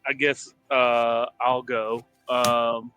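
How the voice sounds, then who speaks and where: A man who plays in a tabletop game, describing his character haltingly with many fillers. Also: mid-range voice, level tone, sharp tone, soft background music, rough recording.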